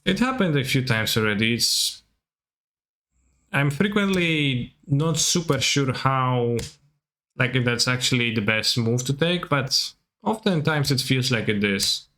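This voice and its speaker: A man's voice: mid-range voice, expressive, unhurried, sharp tone. A man with a Russian accent casually commentating his card game on a live stream, answering chat and swearing offhandedly.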